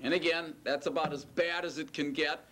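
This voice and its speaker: This Hebrew teacher has a fairly high, steady, somewhat bright voice. He lectures his class, quizzing the students in a questioning manner and drawing out the words he wants to stress.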